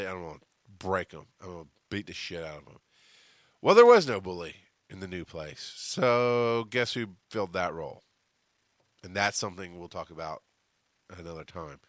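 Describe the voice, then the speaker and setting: A middle-aged man talks through his solo podcast in a lowish, bright and forceful voice. He swears freely and swings from hushed asides to loud bursts. The sound is dry and close. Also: no room sound. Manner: emphatic, swears freely, big swings between quiet and loud. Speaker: podcast host.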